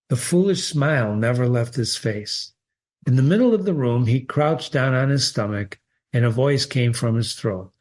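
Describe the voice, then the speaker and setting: A man's voice: medium pitch, darkish tone. Man reading a short story aloud. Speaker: reader.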